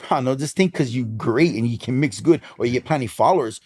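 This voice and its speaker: A man's voice: medium pitch, fast, slightly rough. A man in his fifties from Hawaii with a Hawaiian English accent, telling stories emphatically as a guest in a casual interview. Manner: animated storyteller, lively and emphatic. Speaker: guest, DJ and club promoter.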